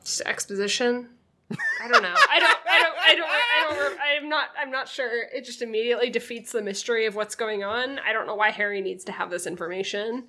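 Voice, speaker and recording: Woman cohost on a book podcast, bright, sharp-edged voice, short dry comments. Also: fairly high pitch, animated, fairly quick, a little hiss or hum. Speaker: podcast co-host. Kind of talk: casual book-discussion chat.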